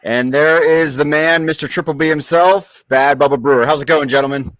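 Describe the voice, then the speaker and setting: A man's voice: a little high, fairly even intonation, fairly quick, a bit bright, no room sound. A man hosting a casual podcast, easygoing and steering the talk with plenty of fillers. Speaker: podcast host.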